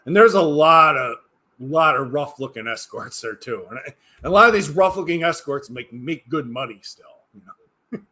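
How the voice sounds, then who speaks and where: A man's voice: a little high, animated, normal speed, pushed and bright. A tired man chatting casually on a livestream, rambling and hesitant, often trailing off into mumbles. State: tired, yawning. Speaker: livestreamer reading chat.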